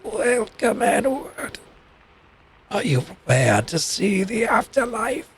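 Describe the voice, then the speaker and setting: A man putting on a high, raspy ferryman of the dead. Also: very animated, full character voice. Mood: solemn. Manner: slow, formal and measured. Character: raspy old male ferryman of the dead, solemn and grave.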